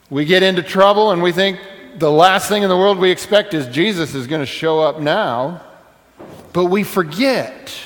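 A man's voice: high-pitched, fairly bright tone, long reverb tail. A male pastor preaching a sermon, telling a story and leading the congregation to repeat a line. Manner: storytelling, leads the congregation in call-and-response.

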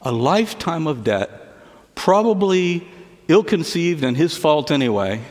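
A pastor preaches to a church service, retelling a parable with asides and often dropping his voice low and quiet. The recording has a big-room sound.

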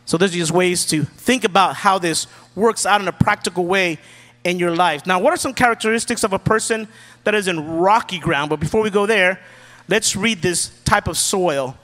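A man preaching a sermon from the pulpit in a relaxed, joking, conversational way. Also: high-pitched, normal speed, long reverb tail. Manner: casual, joking preacher who acts out quotes. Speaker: pastor.

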